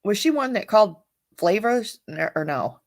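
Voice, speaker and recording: A woman's voice: medium pitch, very animated, normal speed. A woman hosting a casual livestream, reading viewer comments aloud and chatting bluntly, with frequent swearing and laughter. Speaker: livestream host.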